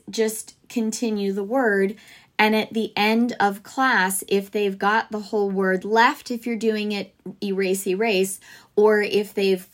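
A woman hosting a podcast for music teachers, giving advice in a chatty, upbeat way with lots of asides. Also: a little high.

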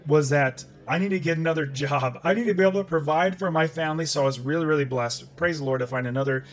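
A man's voice: on the high side, fast talker, soft background music. A middle-aged man, a podcast guest, telling a personal story in conversation and acting out his own past thoughts.

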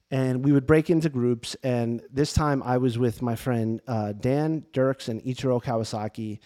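Animated priest telling his story. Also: mid-range voice. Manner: animated storyteller with frequent restarts and "like" fillers. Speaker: priest and podcast host. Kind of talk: personal testimony in casual talk. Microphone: camera and mic for video podcast.

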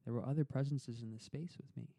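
A young man telling a personal story as a podcast guest, calm and unhurried. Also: medium pitch, gravelly.

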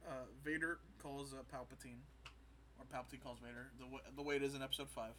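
A man casually recapping a show, retelling scenes with quick quoted voices and laughs. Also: medium pitch, fairly even intonation, a bit bright, a little hiss or hum. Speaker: podcast co-host recapping an episode. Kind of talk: casual chat.

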